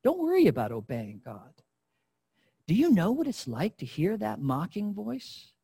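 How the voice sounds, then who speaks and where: Male preacher, sermon, husky voice, slightly high pitch, earnest and emphatic. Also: huge pitch swings, measured pace, dark tone. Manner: earnest, emphatic, addressing listeners directly.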